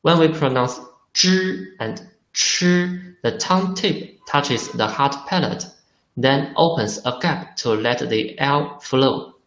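A man's voice: mid-range voice, slow, a bit bright, reverberant, poor audio. A man teaching a lesson in English, patiently repeating syllables for drills. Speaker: Chinese teacher. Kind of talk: language lesson.

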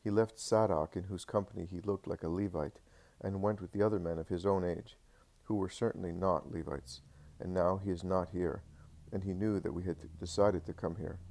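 A man reading the part of Thomas, an adult male apostle who tells his worried story in a rambling, eager way, in a deep gravelly voice. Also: steady tone, moderate pace, darkish tone.

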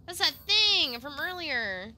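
A woman's voice: high-pitched, sing-song, slow, pushed and bright, slight background noise. A young woman streaming a horror game, chatting casually with her chat and swearing freely. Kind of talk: casual live gameplay commentary.

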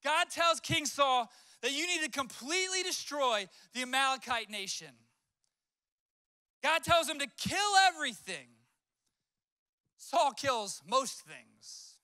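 Male pastor, story-driven sermon; bright tone, dry sound. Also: very high voice, big pitch swings, takes it slowly, dry recording. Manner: conversational storytelling with acted-out quotes.

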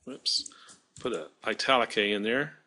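A man teaching math, talking through a screen-recorded software demonstration and correcting his slips aloud as he works. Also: on the low side, normal speed. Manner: thinking aloud while working, self-correcting.

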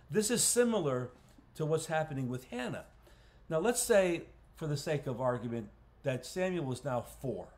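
A man, a pastor, teaching a Bible study in a conversational way, clearing his throat often and restarting phrases. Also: a little high. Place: church. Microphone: livestream recording.

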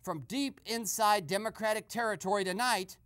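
A woman voicing an excitable male radio host who eavesdrops and gives gossipy running commentary full of exclamations. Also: mid-range voice, normal speed, lightly acted. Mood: excited. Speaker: host and narrator. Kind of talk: comedic radio sketch narration.

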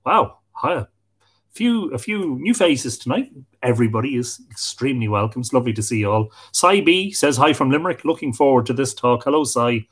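A man's voice: mid-range voice, expressive, brisk, a bit bright, slightly rough. A man with an Irish accent hosting a live online show, chatting casually and greeting viewers by name as he reads out their comments. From Ireland. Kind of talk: casual live-stream chat, reading out comments.

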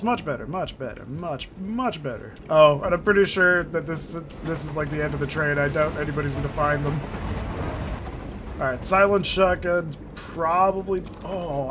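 A man giving casual let's-play commentary, excitable and jokey, swearing and laughing often. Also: fairly high pitch. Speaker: gameplay streamer. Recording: faint game music behind.

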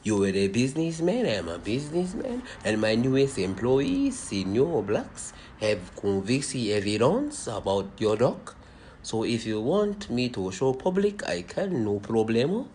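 A man voicing a scheming restaurant owner in a low, suave mock-French accent. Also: big pitch swings, a little slow, darkish tone, slight background noise.

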